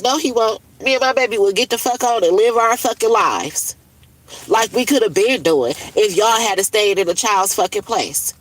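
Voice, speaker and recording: A woman's voice: medium pitch, animated, moderate pace, dry recording, low-quality recording. Blunt, profane woman in her thirties venting. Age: 30s. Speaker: livestreamer. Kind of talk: casual venting monologue.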